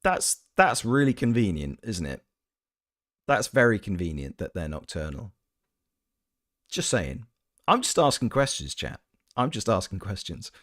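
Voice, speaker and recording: Playful streamer, lively low voice. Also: male voice, a little slow, long pauses. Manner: playful, joking, rambling asides. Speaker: gaming streamer and voice actor. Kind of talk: casual stream chat, reading chat aloud.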